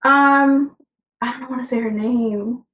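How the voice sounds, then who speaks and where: A young woman with a slightly high voice, spilling a long personal story in a loose, rambling way. She swears freely and doubles back on herself as she talks. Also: steady tone, slow, a bit bright, poor audio. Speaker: podcast co-host. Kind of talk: casual storytelling chat.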